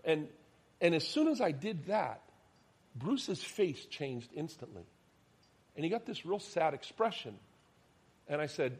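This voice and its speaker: A man in his thirties, a pastor preaching a sermon, telling a personal story and acting out the dialogue, dropping to soft, quiet tones at tender moments. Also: on the high side, normal speed, husky. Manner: animated storyteller, acts out quoted dialogue, drops to soft tones.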